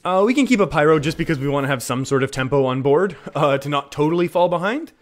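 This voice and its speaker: A man's voice: a little high, expressive, quick pace. A man live-streaming a card game, talking through his plays in a chatty way and often laughing.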